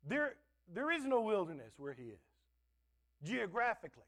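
High-voiced preaching man. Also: huge pitch swings, normal speed. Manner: dynamic preaching, swinging between loud stresses and soft asides. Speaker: pastor. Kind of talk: sermon. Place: church.

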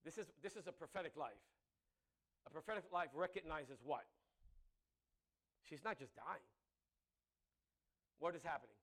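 Lively, bright-voiced man preaching. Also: a little high, moderate pace, long pauses. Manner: laughs often, jokes with the audience, repeats words. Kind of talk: sermon.

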